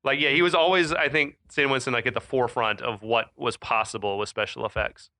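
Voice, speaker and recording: A man's voice: mid-range voice, steady tone, a little fast, sharp tone, no room sound, studio quality. A man co-hosting a podcast in casual chat, talking freely with many fillers and frequent laughs. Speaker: podcast co-host.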